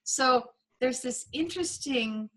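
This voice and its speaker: A woman being interviewed, telling her experiences in an expressive way and acting out her own reactions. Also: sits high, takes it slowly, poor audio. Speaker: interview guest. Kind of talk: animated storytelling in an interview.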